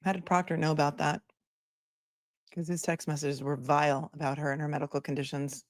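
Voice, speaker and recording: A woman's voice: sits low, little pitch movement, a little fast, no room sound, clean studio sound. Wry woman commenting on court footage. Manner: wry, sarcastic asides. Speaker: legal commentator host. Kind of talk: live commentary over court video.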